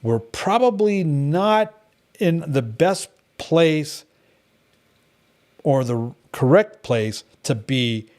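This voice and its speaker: Middle-aged male group leader, blunt and animated, slightly high voice, casual teaching talk. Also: very slow. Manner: animated, storytelling, blunt, many restarts.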